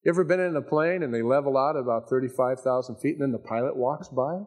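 A man preaching a sermon in a conversational, storytelling way, slowing down to stress his key points. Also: medium pitch, darkish tone. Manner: conversational storytelling, folksy asides; emphatic, slows down on key points. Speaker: pastor.

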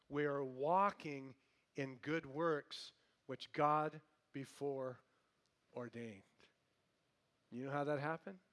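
A middle-aged man preaching a sermon, moving between hushed, conversational asides and emphatic, loud declarations. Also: on the high side. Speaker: pastor.

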